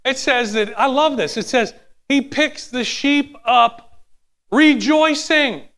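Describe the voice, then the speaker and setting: A bright, high-voiced preacher man. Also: slow pace. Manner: animated, dropping to a hushed tone and acting out quotes. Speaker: pastor. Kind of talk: sermon.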